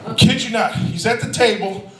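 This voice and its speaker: A man doing a stand-up comedy set, telling a profane story with shouted quotes, animated and loud. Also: high voice, normal speed, roomy sound, distant mic, rough recording.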